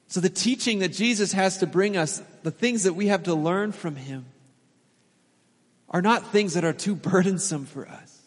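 A man in his thirties preaching a sermon as pastor, telling stories in a relaxed, conversational way with fillers and small laughs. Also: high voice, moderate pace. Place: church sanctuary. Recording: long hall reverb.

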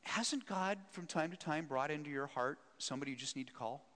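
A man who leads a seminary, telling a story in an animated, self-mocking way during a teaching talk. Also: a little high, a little fast. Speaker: seminary president, speaker. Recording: echoey hall.

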